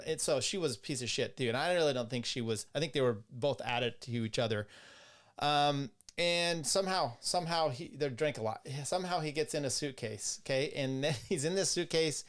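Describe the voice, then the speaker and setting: A man hosts a loose solo livestream, talking in a fairly high voice. He rambles, restarts his sentences and drops crude asides, often chuckling at his own remarks. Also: a little fast. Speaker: host. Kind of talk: casual solo livestream commentary.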